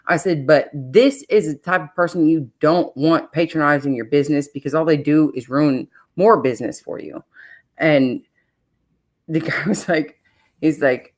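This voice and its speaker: A woman from California, co-hosting a live stream, telling a rambling story in casual chat with laughs and swearing. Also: low voice. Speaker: co-host of a live trivia stream. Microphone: streaming call mic.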